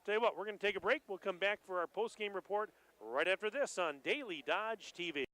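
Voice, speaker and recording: A man doing live play-by-play for a high school basketball game, excited and rising to shouts at the big plays. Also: brisk, poor audio. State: out of breath. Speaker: play-by-play announcer.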